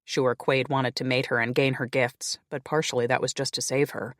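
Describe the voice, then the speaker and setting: A male narrator reads a paranormal romance audiobook at a steady, even pace. His mid-range voice is recorded close and dry. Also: medium pitch, normal speed, no room sound.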